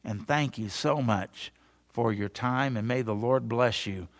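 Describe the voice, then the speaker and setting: A man preaching a sermon, earnest, rising on key phrases and dropping to a soft hush near the end. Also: medium pitch, unhurried.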